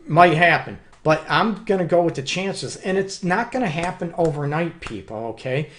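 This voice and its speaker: Guy on a live relationship show, talks kinda high, keeps saying okay and you know what. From Detroit area. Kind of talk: live advice talk.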